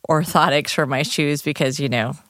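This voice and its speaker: A woman's voice: deep voice, steady tone, moderate pace, fairly bright tone, no echo, clean studio sound. An older woman co-hosting a podcast, chatting casually and giving tips to listeners. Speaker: podcast co-host.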